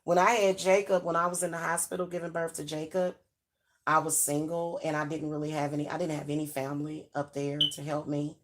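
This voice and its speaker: A woman's voice: sits low, level tone, a little fast. A middle-aged woman, giving frank advice to parents in a chatty way, full of fillers and restarts. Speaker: channel host giving advice. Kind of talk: casual advice talk to camera.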